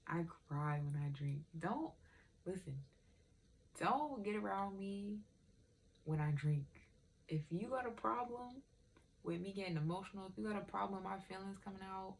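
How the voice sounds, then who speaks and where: A woman's voice: medium pitch, vocal fry, a little hiss or hum. A young woman vlogger in casual, candid chat, rambling and swearing freely.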